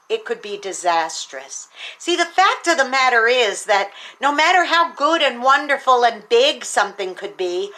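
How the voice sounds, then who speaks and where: Bright, chatty woman giving a devotional talk. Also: sits high. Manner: chatty and encouraging, with many fillers. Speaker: teacher and speaker hosting a devotional show.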